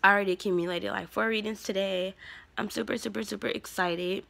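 A young adult woman vlogging a casual storytime, rambling, candid and profane, drifting between soft murmurs and louder bursts. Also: mid-range voice, steady tone, fairly quick, creaky, a little hiss or hum.

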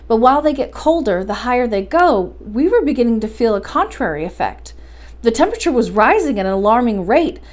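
A woman reading a classic adventure novel aloud as a bedtime story, in calm, measured storybook narration. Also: on the high side. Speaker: library storyteller.

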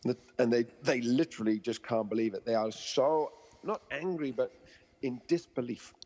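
A man's voice: mid-range voice, normal speed, darkish tone, in a large hall. A man, a dog trainer being interviewed, who explains through stories and analogies and acts out the people he quotes. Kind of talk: interview conversation.

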